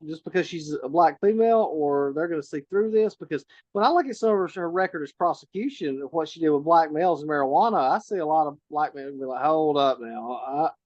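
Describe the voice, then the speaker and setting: A male talk show host chats casually, his voice sitting a bit high. The sound is dry and close, but dull and lo-fi, and he breaks off and restarts his sentences as he goes. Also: lively intonation, quick pace, few pauses, a little mellow, no echo. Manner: conversational, many restarts, asks questions. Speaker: podcast host. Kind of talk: casual political chat.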